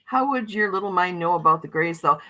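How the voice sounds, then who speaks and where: A woman's voice: on the low side, animated, fairly quick, sharp tone, poor audio. A woman hosting a casual livestream, talking in a rambling, conversational way and reading out viewer comments. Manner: rambling and conversational, with frequent "okay" and "you know what I'm saying". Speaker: livestream host.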